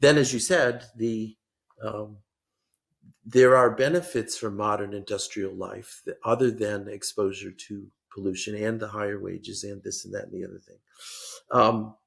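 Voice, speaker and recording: An older man with a low, gravelly voice talks as a guest on a podcast. He speaks in a measured way and often stops and restarts his sentences. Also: steady tone, a bit bright. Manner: measured, hesitant, many restarts. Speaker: guest policy expert. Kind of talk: podcast interview.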